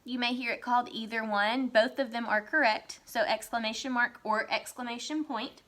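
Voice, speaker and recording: A young woman with a bright, fairly high voice teaches a children's writing lesson. She talks slowly and clearly, like a classroom teacher, and reads the example sentences aloud with a lively, excited voice.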